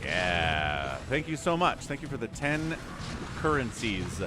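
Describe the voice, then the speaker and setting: Man, esports stream commentary, excitable, chatty, lively up-and-down delivery, slightly high voice. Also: moderate pace, music in the background. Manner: excitable, chatty, thinks aloud. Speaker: game commentator and stream host.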